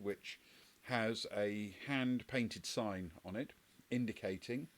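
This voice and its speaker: A man narrates a tabletop role-play scene as game master. His voice sits fairly low, and he wanders through the description with frequent ums and restarts. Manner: meandering, hesitant with many fillers.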